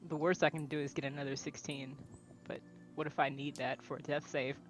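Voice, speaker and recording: A man's voice: on the high side, level tone, brisk, faint music behind. A man playing a tabletop game who keeps pleading and nagging in a whiny, insistent way. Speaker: player.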